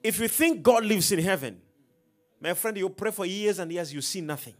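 A man preaching a sermon in an emphatic, preacherly style, calling out questions to the congregation and swinging between loud and soft. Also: high voice, animated, normal speed. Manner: emphatic, preacherly call-and-response, dramatic swings in loudness.

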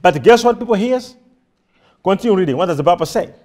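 A man's voice: high voice, expressive, fast talker, darkish tone. A man preaching a sermon to a congregation, repeating his phrases and firing questions back at the crowd. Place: church before a congregation.

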